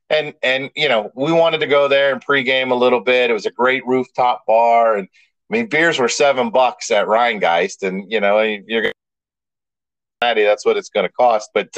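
A middle-aged man telling stories in casual chat as a podcast co-host, getting animated as he goes. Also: on the low side, no echo, rough recording. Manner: animated storyteller, rising excitement.

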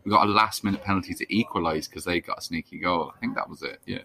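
A man's voice: low-pitched, fast, creaky, sharp tone. A young man, chatting casually as a podcast guest, rambling with lots of restarts and asides. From Ireland. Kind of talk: casual chat.

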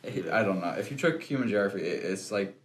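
A man's voice: fairly low pitch, lively intonation, fast talker. A young man as a podcast guest, talking in a thoughtful, hedging way with jokey asides. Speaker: interview guest. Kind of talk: casual podcast interview. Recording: echoey room.

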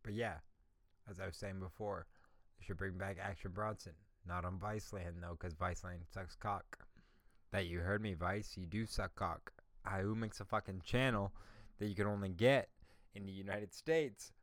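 A man's voice: lowish voice, moderate pace, a bit bright, dry recording, clean studio sound. A man hosting a solo podcast, ranting and swearing constantly, with "bro" and "dog" thrown in. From Canada. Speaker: podcast host. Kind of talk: profane solo podcast rant.

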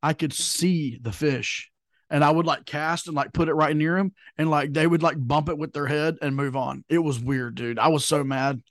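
A man's voice: fairly high pitch, steady tone, normal speed, no echo. Chatty man with a dry, close sound. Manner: chatty, rambling, with many fillers. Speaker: podcast co-host. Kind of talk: casual sports podcast chat. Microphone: podcast mic.

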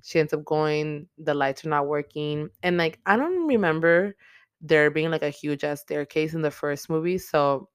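Smooth, dry-voiced casual movie recapper. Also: mid-range voice, dry recording. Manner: profane, chatty, slangy storytelling; acts out characters' lines in quick voices.

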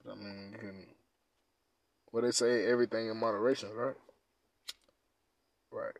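Laid-back low-voiced man, dry close mic. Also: flat delivery, normal speed, vocal fry, no echo. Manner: laid-back, profane slang, swings from mumbling to loud outbursts. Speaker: podcast host. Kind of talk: casual chat reading quiz questions.

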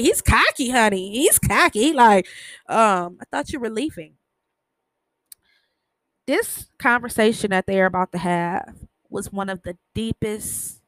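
A woman's voice: medium pitch, fairly bright tone, dry recording. A woman casually recapping a TV episode, talking bluntly, swearing freely and tripping over her words. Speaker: show recapper.

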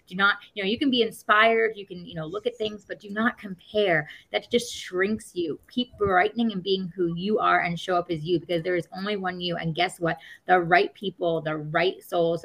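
Lively, low-pitched woman telling a story. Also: low-quality recording. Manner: animated, acts out quoted voices, laughs often. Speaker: podcast guest. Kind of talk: casual storytelling.

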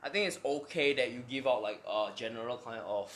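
A man's voice: medium pitch, expressive, brisk, a bit bright, slight background noise. A young man with a Singaporean English accent, joking around and telling stories in casual chat. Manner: playful, joking. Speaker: bar and bistro worker.

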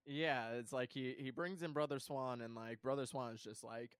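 A man's voice: medium pitch, fairly even intonation, normal speed, clean tone, no echo, studio quality. A man chatting casually about a film with a co-host, full of fillers and laughing often. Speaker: podcast co-host.

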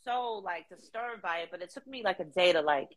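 A middle-aged woman, telling a story in casual chat, slangy and animated, slipping into quoted voices. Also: fairly low pitch, brisk. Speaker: guest.

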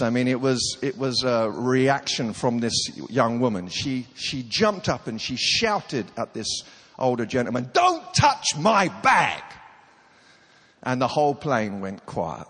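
Chatty male preacher with a cold, hall echo. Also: mid-range voice. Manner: self-deprecating, chatty, dry humor. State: coughing, has a cold. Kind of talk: humorous sermon storytelling. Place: large hall with audience. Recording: reverberant hall.

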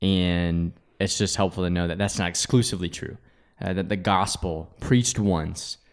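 Low-voiced teasing co-host man. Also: fairly even intonation, moderate pace. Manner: teasing, thinks aloud with many restarts. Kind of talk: casual church podcast chat.

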